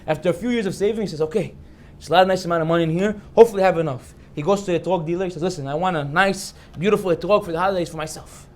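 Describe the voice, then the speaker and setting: Man, rabbi, storytelling sermon, rapid delivery, slightly high voice, acts out characters. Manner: animated storyteller acting out the characters' lines.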